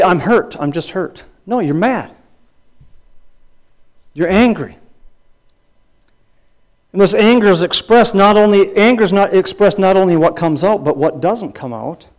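A man preaching from the pulpit, his voice sitting a little high for a man. He talks emphatically, repeats his phrases and asks the congregation rhetorical questions as he makes his points. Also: a little mellow. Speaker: pastor and counselor. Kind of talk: sermon.

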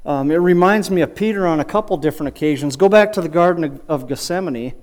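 A man's voice: on the high side, fast talker, a little mellow. A middle-aged man giving a conversational sermon, asking rhetorical questions and often restarting his sentences. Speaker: preacher and high school wrestling coach.

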